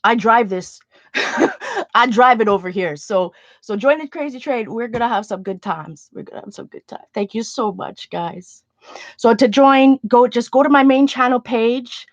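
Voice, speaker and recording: A woman hosting her art livestream, voice pitched a little high, speaking in halting, emotional bursts and close to tears. The sound is dry and slightly muffled. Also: expressive, no echo. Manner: emotional, halting, many restarts. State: near tears. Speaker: art channel host. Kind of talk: casual livestream chat to viewers.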